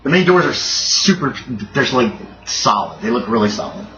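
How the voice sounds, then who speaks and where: A man's voice: mid-range voice, very animated, moderate pace, bright, forceful tone, recorded from a distance. A man running a tabletop game as game master, talking in a loose, easy way. The recording is dull and roomy, and it sounds like the mic sits some way off. Faint noise hums underneath. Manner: loose, casual descriptions with frequent ums and laughs.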